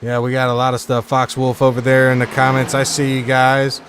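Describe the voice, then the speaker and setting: A man's voice: medium pitch, completely flat delivery, a little fast, a bit bright, slight background noise. A man commentating a live sim racing stream in a casual, chatty way, reading viewer chat aloud between points updates.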